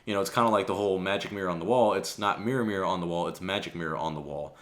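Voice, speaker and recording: A man's voice: low voice, rapid-fire, a bit bright. A man hosting his own channel, talking casually in a rambling, profane, offhand way. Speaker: channel host. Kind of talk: casual vlog rant.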